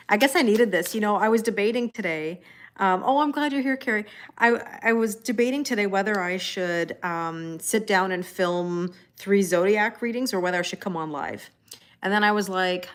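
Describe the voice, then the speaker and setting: A woman hosting a live tarot stream, chatting casually with viewers, joking and greeting them by name. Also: medium pitch.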